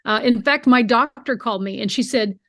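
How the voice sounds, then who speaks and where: A woman's voice: on the high side, a little fast, a bit bright, no room sound, studio quality. A middle-aged woman, a bluegrass singer, telling heartfelt stories as an interview guest and acting out quoted dialogue. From United States. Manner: heartfelt storytelling, emotional, acts out quoted dialogue. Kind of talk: remote interview conversation.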